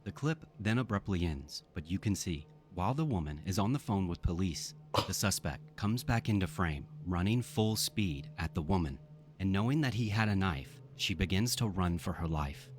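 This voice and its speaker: A man's voice: deep voice, lively intonation, moderate pace. A man narrating a scripted true-crime story in a dramatic storytelling manner.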